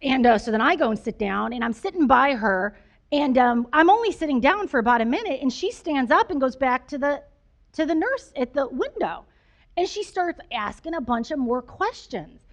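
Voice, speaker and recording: High-voiced woman preaching a chatty sermon. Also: animated, normal speed, muffled recording. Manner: chatty, self-deprecating, lots of fillers. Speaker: pastor. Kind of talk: conversational storytelling sermon.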